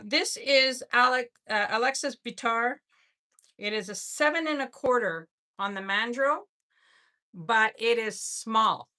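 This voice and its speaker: Woman host for a live sale stream, bright tone, slow unhurried delivery, gushing and chatty. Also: fairly high pitch. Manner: chatty, effusive, repeats words. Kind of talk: casual live-stream selling.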